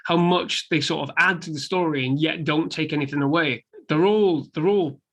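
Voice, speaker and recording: Man, podcast co-host, casual film talk, animated, sweary, slightly high voice. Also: moderate pace. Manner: animated, swears freely, acts out quotes. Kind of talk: casual film review chat.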